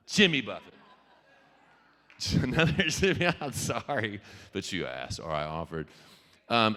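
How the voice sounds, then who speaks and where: A man's voice: on the low side, sing-song, takes it slowly, long pauses, fairly bright tone. A man from Louisiana giving a jokey, tangent-filled talk to a live audience, swearing now and then. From Louisiana, US South. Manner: jokey, tangent-prone, addresses the crowd, swears freely. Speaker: featured speaker, singer-songwriter. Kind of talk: conversational keynote talk. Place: event venue with live audience. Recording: long hall reverb from a venue PA.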